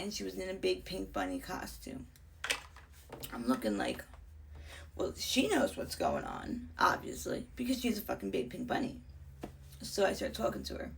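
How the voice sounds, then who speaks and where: A young woman vlogger speaks candidly in a darkish voice thick with vocal fry, her pitch swinging widely as she tells casual stories. She often drops to a whisper, and she sits a little back from the mic, so it sounds distant.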